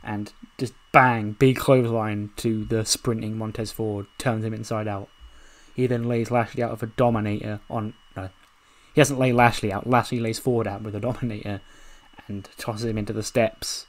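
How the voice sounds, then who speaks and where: A man narrating a wrestling management game in a casual, excited way, swearing and laughing as he goes. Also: lowish voice, normal speed. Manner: excited, swearing, laughing at his own story. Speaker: video game commentator.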